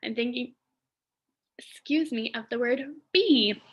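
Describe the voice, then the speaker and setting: A woman speaks in a slightly rough, a little high voice during a phonics lesson for small children. She thinks aloud with fillers and pauses, enunciating carefully as she sounds out letters and words.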